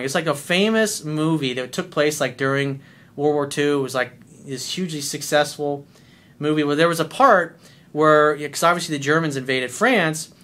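A middle-aged man coaching on dating, reading a listener's email and answering with playful, teasing remarks. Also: a bit bright. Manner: playful, teasing, switches to a low crooning voice.

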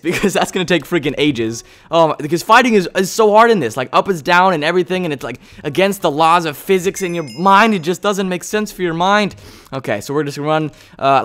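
Excitable young man's gaming commentary. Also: a little high. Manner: excitable, jokey, yelps and laughs while playing. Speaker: gaming YouTuber. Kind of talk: casual let's-play commentary.

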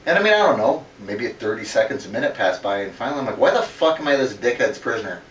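A man casually telling rough stories as an interview guest, swearing freely, laughing and rambling with lots of fillers. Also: mid-range voice, sing-song, fast talker, fairly bright tone, a little hiss or hum. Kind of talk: casual storytelling. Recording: roomy, distant mic with faint ambience.

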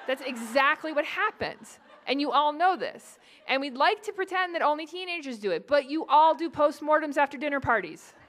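A woman in her forties from New England, a psychology professor lecturing at a conference with lively, joking asides to the audience. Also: high voice, moderate pace, hardly any pauses. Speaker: psychology professor giving a talk.

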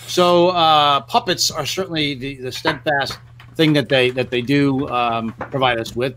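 A man with a slightly raised pitch hosts a live interview, cutting in with quick cheerful prompts. A faint hum of room ambience sits behind him. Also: fairly bright tone. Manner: upbeat, prompting. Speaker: host. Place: remote live stream.

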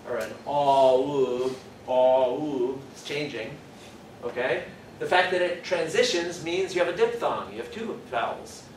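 A man lecturing to a class, explaining patiently and now and then sounding out vowels to make a point. His voice sits a bit high for a man. He is picked up from a distance in a roomy hall with a faint hum behind him. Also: a bit bright. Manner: explanatory, thinks aloud, demonstrates vowel sounds. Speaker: university lecturer. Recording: echoey lecture hall from far off.

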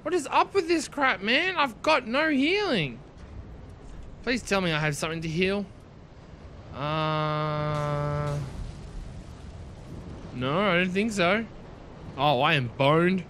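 A young man commentating his own gameplay, excitable, swearing and yelping at what happens on screen. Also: sits high, takes it slowly, long pauses, a little hiss or hum. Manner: excitable, swears and yelps at the game. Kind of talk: let's play commentary.

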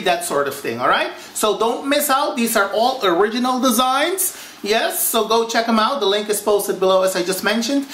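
A man from Suriname hosting a cooking vlog, chatting to viewers as "you guys" with big swings in pitch. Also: a bit bright. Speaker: cooking show host.

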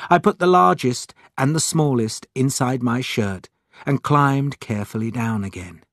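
Guy reading a kids' storybook slow, lots of ups and downs, dry close sound. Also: mid-range voice, no room sound. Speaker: reader. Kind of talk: storybook narration.

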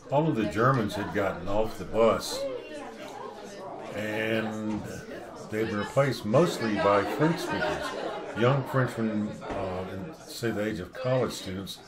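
A man in his seventies from the Southeastern United States, reflectively narrating a personal memoir in an unhurried storytelling way. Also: lowish voice.

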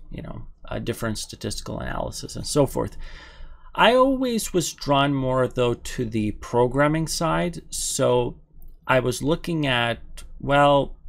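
A man teaching programming courses, talking casually to viewers about certification with a relaxed, conversational manner and frequent fillers. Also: mid-range voice, gravelly. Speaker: SAS programming instructor. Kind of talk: casual explanatory talk to camera.

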